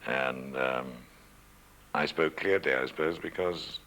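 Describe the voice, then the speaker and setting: Deep gravelly older man reminiscing. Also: sharp tone, rough recording. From Scotland, raised in England. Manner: measured, wry, self-deprecating. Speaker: interviewee, former radio newsreader. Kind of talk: reminiscing interview. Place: at home.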